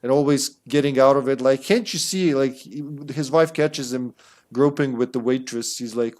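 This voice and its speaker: A man's voice: mid-range voice, moderate pace, darkish tone. A man streaming a video game, chatting casually and rambling with lots of fillers and restarts. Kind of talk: casual gameplay commentary.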